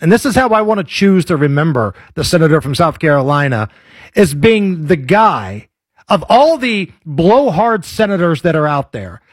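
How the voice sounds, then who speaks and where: Male talk host, blunt and opinionated, high-ish husky voice, dry close sound. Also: dry recording. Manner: blunt, conversational. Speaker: political talk show host. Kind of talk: opinionated commentary.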